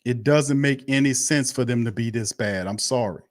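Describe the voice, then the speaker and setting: A man's voice: medium pitch, moderate pace, no room sound, studio quality. A man hosting a live sports stream, ranting bluntly and profanely, repeating himself in heated bursts. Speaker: sports show host.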